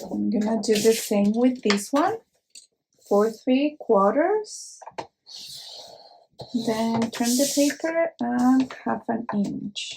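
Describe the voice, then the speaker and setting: Woman host, English, crafting tutorial; slightly high voice, unhurried delivery, faint clicks behind. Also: gravelly, darkish tone, slight background noise, rough recording. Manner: slow, careful explaining with fillers.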